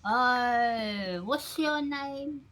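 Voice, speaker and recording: A woman's voice: fairly high pitch, drawn-out words, fairly bright tone, pitched above the performer's own voice, poor audio. A woman doing a rambling drunk tavern regular. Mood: chummy. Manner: rambling, gossipy, folksy. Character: chatty drunk tavern man, loyal to his boss.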